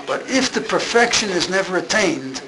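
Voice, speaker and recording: A man's voice: high voice, lively intonation, normal speed, crowd noise, low-quality recording. A man giving an informal Torah class, repeating and restating his points with emphasis. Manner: repetitive, emphatic, restarts phrases. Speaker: Torah teacher.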